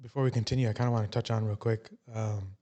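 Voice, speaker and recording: A man's voice: fairly low pitch, fairly even intonation, fast talker, warm tone. A man hosting a podcast, asking questions in loose, searching phrasing. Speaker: podcast host. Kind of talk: casual interview.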